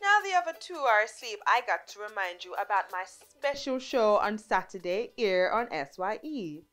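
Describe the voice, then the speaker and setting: Woman as chatty radio DJ, quick patter, faint music behind. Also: mid-range voice, very animated, fairly bright tone. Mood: breezy.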